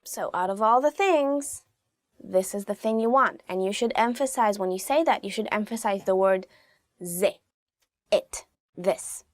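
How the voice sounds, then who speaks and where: A woman's voice: mid-range voice, unhurried, dry recording. Chatty woman teaching phrases, dry sound. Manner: chatty, explains each phrase with personal asides. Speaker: language teacher. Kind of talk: casual phrase lesson.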